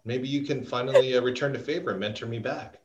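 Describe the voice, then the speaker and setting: A man's voice: medium pitch, fairly even intonation, fast, muffled recording, a little hiss or hum. A man co-hosting a podcast in upbeat, playful casual chat, from Canada. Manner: upbeat and playful, eats on mic. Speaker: podcast co-host.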